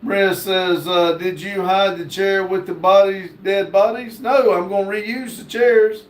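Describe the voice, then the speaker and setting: A man's voice: sits high, fairly even intonation, a little slow. A man hosting a live stream, reading viewer comments aloud and stopping often on fillers. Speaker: livestream host. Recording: echoey room.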